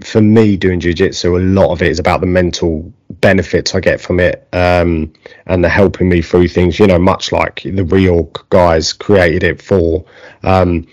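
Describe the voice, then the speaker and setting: A man with an Essex accent hosting a casual interview, chatty and relaxed with plenty of fillers. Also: low-pitched, unhurried, no echo. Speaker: podcast host.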